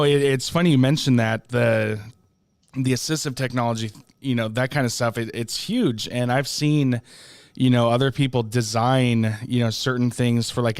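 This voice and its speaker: Smooth-voiced podcast co-host, close and dry. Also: male voice, medium pitch, no room sound. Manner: relaxed, conversational, many fillers. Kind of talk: casual chat.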